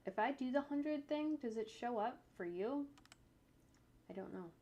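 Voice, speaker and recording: A woman's voice: a little high, lively intonation, measured pace, mellow. A woman animator talking casually to her livestream viewers at home as she works, thinking aloud in a chatty, rambling way. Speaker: animator streaming her work. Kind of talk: casual livestream talk while working.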